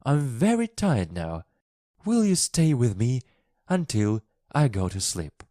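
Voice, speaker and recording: A man's voice: mid-range voice, very animated, takes it slowly, warm tone, dry recording, studio quality, voice pushed up. A man voicing a sickly, spoiled and frightened boy in a storybook reading for English learners, with a whining, self-pitying manner. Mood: tired.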